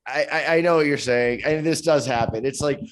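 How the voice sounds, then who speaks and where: A man co-hosting a casual podcast chat, quick and jokey, laughing easily. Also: mid-range voice. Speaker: podcast co-host.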